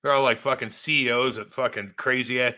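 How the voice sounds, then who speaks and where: Brash, swearing man with a bright voice. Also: medium pitch, fairly even intonation, brisk. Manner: brash and heavily profane, ribbing his co-host. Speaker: podcast host. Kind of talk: casual chat.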